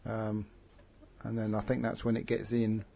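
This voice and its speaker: A man's voice: fairly low pitch, completely flat delivery, moderate pace, vocal fry, dark tone. A man hosting a casual podcast chat, rambling with lots of fillers and restarts. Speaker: podcast host.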